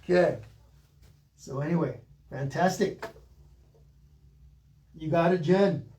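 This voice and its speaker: A middle-aged man guides viewers through a live online painting class. He talks in a relaxed, chatty way and stops to greet viewers by reading their comments. His voice sits a little higher than most men's. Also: slow pace. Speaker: painting instructor.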